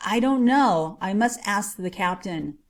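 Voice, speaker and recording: A woman's voice: medium pitch, measured pace. A woman doing a big easygoing outlaw. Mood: calm teasing. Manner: calm, teasing.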